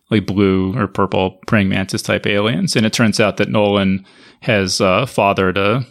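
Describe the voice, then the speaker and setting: A man's voice: on the low side, vocal fry, fairly bright tone. A man hosting a casual podcast chat, rambling and asking his guest questions. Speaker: podcast host.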